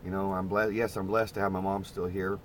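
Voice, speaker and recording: A middle-aged man with a somewhat low voice talks to his live-stream viewers from inside a parked camper van. He rambles in a folksy, easygoing way, with a faint low rumble of wind behind him. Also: level tone, a little fast. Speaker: vlogger. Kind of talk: casual live-stream chat.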